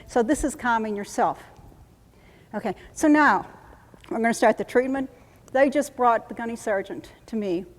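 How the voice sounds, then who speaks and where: A woman trainer runs a live workshop demonstration, her voice sitting a little high. She coaches briskly and repeats short phrases in a steady rhythm. The sound carries the long reverb of a conference hall. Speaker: trainer teaching combat medics. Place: conference room.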